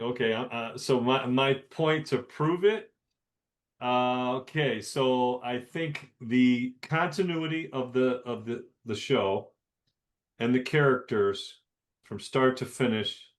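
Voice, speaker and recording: A man co-hosting a podcast makes his point slowly and earnestly. He stops and restarts often and fills the gaps with "uh.". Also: mid-range voice. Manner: halting, with filler "uh"s, earnest. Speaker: podcast co-host. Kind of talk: casual podcast chat.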